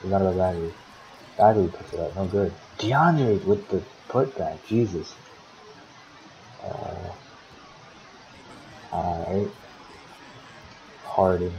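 A team manager in a basketball sim league gives casual play-by-play of a simulated game for his own team, cursing a lot and grumbling at his players. His voice is low, slow and mellow, with frequent pauses. The dull lo-fi recording carries slight background noise.

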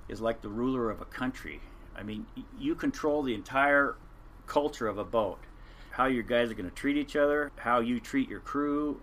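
An older man who spent his life fishing recounts his years at sea in a rambling, earnest way, often restarting his sentences. His voice is bright and forceful, with a faint hiss of background noise behind him. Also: mid-range voice. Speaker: podcast guest, retired fishing captain. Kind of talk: casual storytelling interview.

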